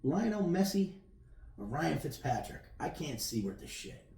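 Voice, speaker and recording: A man's voice: fairly high pitch, big pitch swings, moderate pace, creaky, dark tone. Man, podcast banter, crude, rambling, restarts a lot, roomy room, far from the mic. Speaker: podcast co-host. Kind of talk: casual banter. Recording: roomy sound, distant mic.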